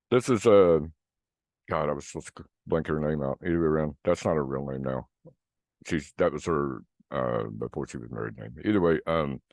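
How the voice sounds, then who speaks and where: Low-voiced man ranting to viewers, dry sound. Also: vocal fry, a little mellow, dry recording. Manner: blunt and profane, repeats points. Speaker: vlogger.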